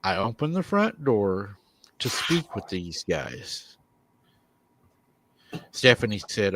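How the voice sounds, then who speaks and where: A man hosting a live paranormal show, retelling a viewer's encounter in an animated way and chuckling often. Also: on the low side, slow, pauses often.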